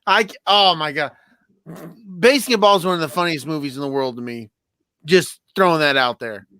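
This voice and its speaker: A man co-hosting a podcast in casual chat, excitable, laughing often and swearing freely. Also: fairly high pitch, normal speed, clear, resonant tone, no echo. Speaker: podcast co-host.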